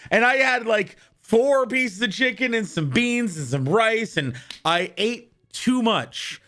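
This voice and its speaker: Losing his voice, a young livestreamer speaks in a high, sharp, expressive tone, slowly and with hardly any pauses. He chats casually in an upbeat, rambling way, greeting each viewer individually.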